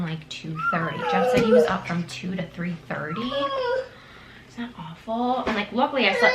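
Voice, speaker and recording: A woman's voice: lowish voice, background noise. A young pregnant woman chatting casually in a home vlog, rambling with lots of fillers and slightly out of breath. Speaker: vlogger and mother.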